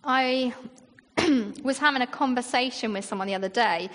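Woman giving a chatty sermon, lots of "isn't it?" questions, high voice. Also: moderate pace, a bit bright. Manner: conversational, with rhetorical questions and acted-out quotes. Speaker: church leader preaching. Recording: long reverb in a hall.

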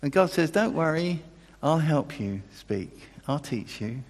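A man preaching a sermon, animated and acting out the dialogue of the figures he quotes, often breaking off and restarting. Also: a little slow. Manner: animated, acts out quoted dialogue with pitch jumps, self-interrupting. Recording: long reverb of a large hall.

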